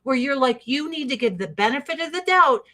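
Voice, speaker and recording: A woman's voice: high voice, lively intonation, fairly quick, a bit bright. A woman host giving profane, exasperated commentary to her livestream viewers and mocking the people she talks about.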